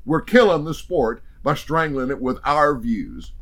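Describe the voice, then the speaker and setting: A man's voice: mid-range voice, sing-song, unhurried, few pauses, a bit bright. A man telling a hunting story as a guest in an interview, emphatic and rambling with many restarts.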